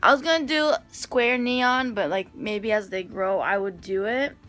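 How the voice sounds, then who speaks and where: Bright-voiced woman chatting to camera. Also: mid-range voice, measured pace. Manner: rambling, filler-heavy storytelling. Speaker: vlogger. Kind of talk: casual chat to camera.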